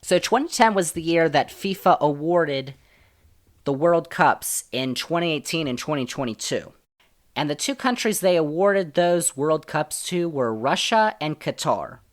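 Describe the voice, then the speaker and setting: A man hosting a solo sports podcast, talking in an opinionated, emphatic way that jumps between loud and soft. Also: a little high, lively intonation, unhurried. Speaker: podcast host.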